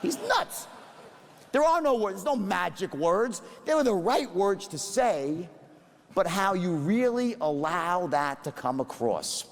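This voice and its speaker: A man running a sales seminar, lively and profane, jumping around in pitch as he acts out tones of voice. His voice sits a little high and rings with a long hall reverb. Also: a little slow. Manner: animated, profane, demonstrates tones of voice. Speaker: sales trainer. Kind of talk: live seminar talk.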